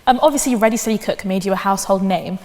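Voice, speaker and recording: A woman interviewer asking quick questions, laughing a little, off-mic. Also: medium pitch, darkish tone, long reverb tail, a little hiss or hum.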